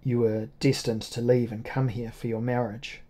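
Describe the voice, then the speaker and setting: A man's voice: mid-range voice, little pitch movement, moderate pace, warm tone, lightly acted. A man reading the lines of a cold, ruthless noblewoman in an audiobook, giving them in a curt, commanding way. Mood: stern.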